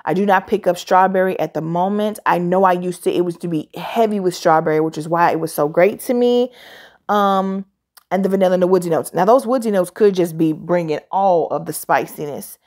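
A tired, chatty woman in her forties who talks fast and gives opinionated reviews in a casual vlog. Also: on the low side, darkish tone. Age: 40s. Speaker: fragrance reviewer.

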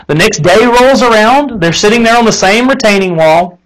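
Man, high voice, casual faith talk, animated storyteller. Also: moderate pace, rough recording. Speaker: host of a live Christian talk stream.

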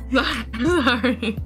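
Joking, slow-talking woman. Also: on the high side, a bit bright. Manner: joking, teasing, laughs often. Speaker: guest streamer. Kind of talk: casual chat during a stream.

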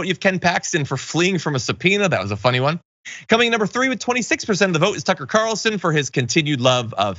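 A man hosting political commentary, sarcastic and mocking, his pitch swinging widely as he makes his points. His voice is bright and pointed, recorded dry with a slightly dulled sound. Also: no echo, highs cut off.

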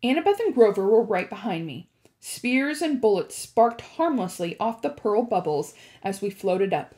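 A woman teacher reading a chapter book aloud and discussing it, with expressive, animated storytelling. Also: mid-range voice, normal speed.

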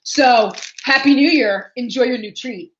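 A woman reviewing candy on a livestream, animated and exaggerated as she talks straight to her viewers. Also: fairly high pitch, unhurried, slight background noise. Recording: dull lo-fi livestream audio.

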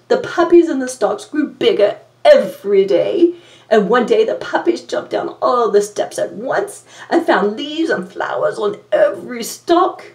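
A woman's voice: high voice, darkish tone. A woman playing a vain, glamorous villainess reading a storybook aloud in a campy, theatrical way. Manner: campy, self-admiring, theatrical. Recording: roomy, from a distance.

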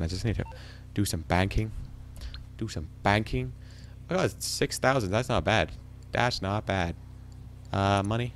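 A man's voice: on the low side, slight background noise. A man hosting a gaming channel, rambling and joking to himself as he plays. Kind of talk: let's play commentary.

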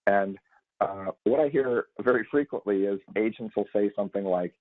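A man's voice: lowish voice, fairly even intonation, fairly quick, no echo. A man guest on a podcast, explaining sales talk and acting out example lines, heard over a tinny, dry line. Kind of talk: podcast conversation.

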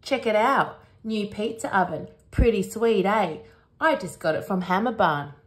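A woman's voice: medium pitch, animated, measured pace, natural voice. A woman voicing a boastful, friendly neighbour dad dog in a read-aloud storybook.

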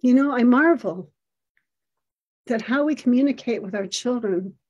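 A middle-aged woman giving an earnest, expressive storytelling talk, acting out the lines of the people in it. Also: a little high, measured pace, muffled recording.

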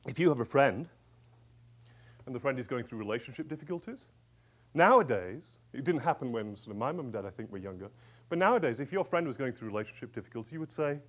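A male executive coach tells an audience a story in a conversational way. His pitch swings widely as he goes, and he keeps pausing to check in with the room. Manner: lively, conversational, checks in with "yeah?". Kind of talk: storytelling talk to a live audience.

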